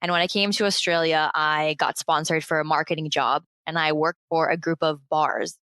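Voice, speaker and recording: A woman in her late thirties from the United States, with an American accent, telling her story in a lively, chatty interview. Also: sits low, normal speed, smooth, dry recording. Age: late 30s. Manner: lively, chatty, laughs often. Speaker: guest, founder of a play consultancy.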